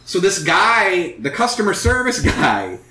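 A man's voice: sits high, very animated, unhurried, pushed and bright. A man telling a long story in casual chat, rambling and swearing, acting out other people's lines. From Northeast Ohio. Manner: rambling storyteller, profane, acts out quotes. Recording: echoey room.

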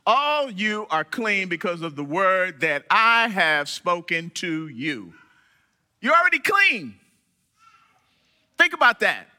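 A man preaching a sermon to his church, animated, with dramatic pauses and quoted voices. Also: high-pitched. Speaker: church member giving a sermon.

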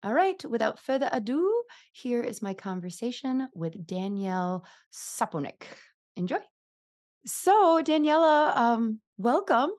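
A woman's voice: a little high, very animated, a little slow, darkish tone. An American woman hosting a podcast, chatting in a bubbly, self-deprecating way and leading a short prayer. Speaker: podcast host. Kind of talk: casual podcast chat and spoken prayer.

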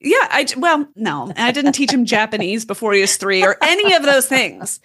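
A woman hosts a casual interview, chatty and self-deprecating. Her voice sits fairly high, and laughter comes easily to her. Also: very animated, moderate pace, pushed and bright, husky. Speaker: podcast host.

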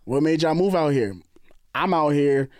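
A man from the New York area tells a rambling story in a relaxed podcast chat, his voice a little higher than most men's. He keeps slipping into the voices of the people in the story. The sound is close and dry, with almost no room in it. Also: moderate pace, no room sound. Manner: animated, acts out other people's lines. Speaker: storyteller guest.

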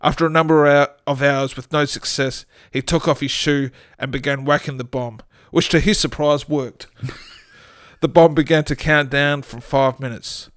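A man's voice: mid-range voice, steady tone, moderate pace, fairly bright tone, no echo. A man with an australian accent reads a silly crime story aloud for a podcast, his voice sitting in the middle of the range and recorded close and dry with no room sound. he keeps cracking himself up as he goes. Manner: reads with frequent laughter breaking through. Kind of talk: reading a comic short story aloud.

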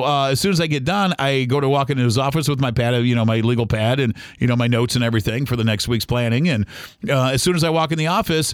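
A man's voice: mid-range voice, clean tone, no room sound, clean studio sound. A man hosting his own podcast, telling a personal story casually with many fillers and acted-out bits of dialogue. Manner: conversational, lots of fillers, acts out quoted dialogue. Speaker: podcast host.

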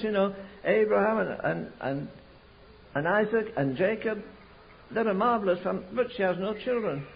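A man's voice: high voice, lively intonation, moderate pace, gravelly. An older man from America preaching a sermon, telling stories and building to fervent emphasis. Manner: storytelling, rising to fervent emphasis. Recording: dull lo-fi sound.

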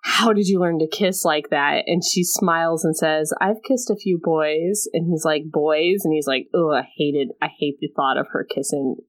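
Woman, casual co-host, lower register, animated retelling with quick asides. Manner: retells the plot with quick voiced asides and laughs. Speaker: podcast co-host recapping a novel. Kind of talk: casual chat.

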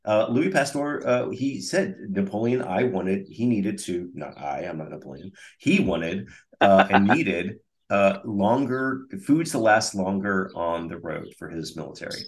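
A man's voice: fairly low pitch, expressive, measured pace. A man hosting a podcast in casual chat, rambling with many fillers and jokes. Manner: rambling, hesitant, jokey. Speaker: podcast host.

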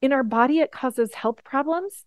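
A woman in her thirties hosting a motivational podcast, earnest and emphatic, slowing down on the words that matter. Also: high voice, no echo, clean studio sound. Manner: earnest, emphatic, slows down for key points. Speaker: podcast host.

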